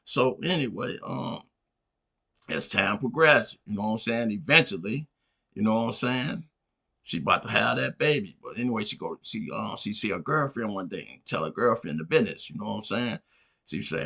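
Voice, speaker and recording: A man's voice: on the low side, lively intonation, moderate pace, vocal fry, pushed and bright. A man hosting a podcast, telling a long story in a rambling casual way, constantly checking in with his listener. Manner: rambling, constantly asks "you know what I'm saying". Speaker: podcast host.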